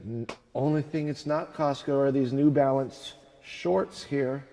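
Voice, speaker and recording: A man's voice: mid-range voice, fairly even intonation, measured pace, mellow. Man, home studio livestream, casual chat, rambling, self-mocking. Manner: rambling, self-mocking, repeats tongue twisters. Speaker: streamer making music.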